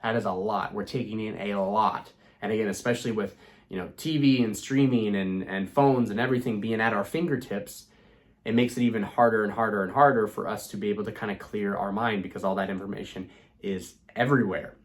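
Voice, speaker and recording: Young male host, low-ish pitch, easygoing and repetitive, casual spiritual teaching. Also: a little fast. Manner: relaxed, repeats himself, many "you know" fillers. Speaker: law of attraction channel host.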